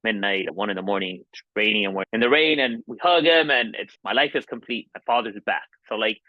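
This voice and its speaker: A man in his forties from Miami, a podcast guest telling a personal story in an earnest, halting way with many restarts. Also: lowish voice, no room sound. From Miami, United States. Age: 40s. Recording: dull, dry lo-fi sound.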